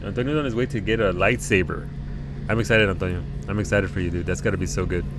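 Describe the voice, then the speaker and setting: A man's voice: low voice, fast, background noise. A man chatting casually on a live game stream at home, rambling, swearing freely and laughing often.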